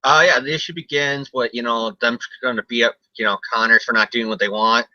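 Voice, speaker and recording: A man's voice: mid-range voice, steady tone, a little fast, pushed and bright, no echo. A man co-hosting a casual comic review chat, rambling, jokey and swearing often. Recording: dull lo-fi sound, dry.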